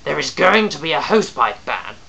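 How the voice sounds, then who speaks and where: A man voicing a furious, foul-mouthed, balding old aristocratic psychiatrist who shouts everything slowly and with heavy emphasis. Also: fairly high pitch, sing-song, vocal fry, a little hiss or hum, heavily acted, poor audio. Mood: shouting furious. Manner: shouting, swearing, slow emphatic bellow.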